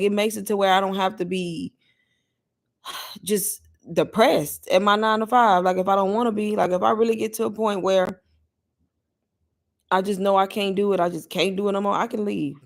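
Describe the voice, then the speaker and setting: A woman hosting a casual live Q&A stream, chatty and laughing often, talking straight to her viewers as y'all. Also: medium pitch. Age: adult mother. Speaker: livestream host answering viewer questions.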